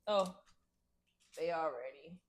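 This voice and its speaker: A woman's voice: low voice, takes it slowly, heavy background noise. An older woman, a grandmother, chatting casually through her morning chores at home. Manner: chatty, talks to herself while doing chores. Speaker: vlogger. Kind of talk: casual morning vlog narration. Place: home kitchen.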